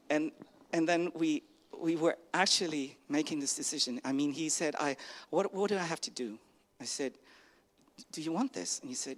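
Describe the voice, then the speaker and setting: A man giving a personal testimony to a congregation, speaking haltingly with frequent restarts and acting out the conversations he describes. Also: on the high side. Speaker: church member giving a testimony.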